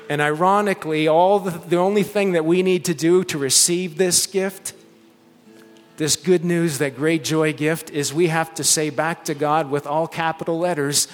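A man preaching in a church sanctuary, his fairly high voice ringing out with a long hall reverb. He tells a story with lively build-ups, then slows into soft, earnest appeals. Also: soft background music. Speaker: pastor. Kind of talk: sermon.

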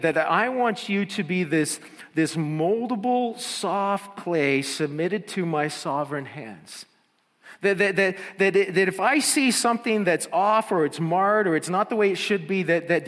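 Bright-voiced pastor preaching in a hall. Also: male voice, high-pitched. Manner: repeats words, builds to fervent exhortation. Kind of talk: sermon. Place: church. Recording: church hall reverb.

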